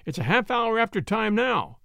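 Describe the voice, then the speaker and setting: A man voicing a brisk, matter-of-fact night editor who doubts the story. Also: high voice, very animated, gravelly, fairly bright tone, no echo, clean studio sound, voice pushed up, exaggerated voice. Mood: dismissive.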